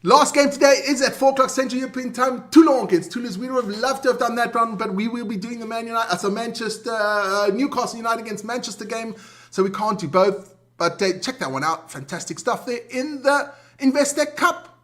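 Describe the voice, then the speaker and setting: A man co-hosting a sports chat show from South Africa, loud and jokey, swearing and greeting his chat viewers. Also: very high voice, a little fast.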